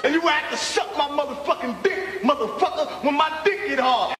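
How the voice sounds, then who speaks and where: A man's voice: very high voice, expressive, normal speed. A man doing a menacing crude prison inmate. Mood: aggressive. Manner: growling crude threats, loud and coarse. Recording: loud background noise.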